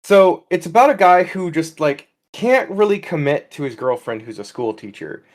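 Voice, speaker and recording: A man's voice: fairly high pitch, lively intonation, moderate pace. A man co-hosting a loose comedy podcast, telling a story in a rambling way. He slips into the characters' voices for quoted lines. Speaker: podcast co-host. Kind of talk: casual comedic chat.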